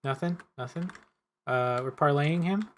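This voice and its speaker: Higher-voiced man reading game story. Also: a little slow, fairly bright tone, a little hiss or hum. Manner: reads aloud with stumbles and self-corrections. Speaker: player reading story text.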